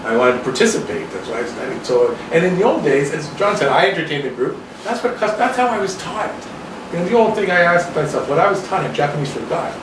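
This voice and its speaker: A man from Canada giving a casual talk to a small audience in a restaurant, rambling and animated, often acting out other people's voices. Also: a little high, fast. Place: restaurant room. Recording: echoey room, distant mic, background noise.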